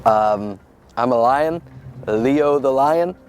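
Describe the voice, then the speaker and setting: A performer playing a friendly, faithful male lion in a children's skit, talking in a relaxed and hesitant, jokey way. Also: medium pitch, slow, soft background music, lightly acted. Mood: easygoing. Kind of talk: comedic skit acting.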